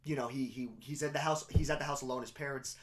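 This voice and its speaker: Here a young podcast co-host with a mid-range voice talks fast while excitedly retelling a TV episode. Laughter and profanity pop up constantly in the casual chat.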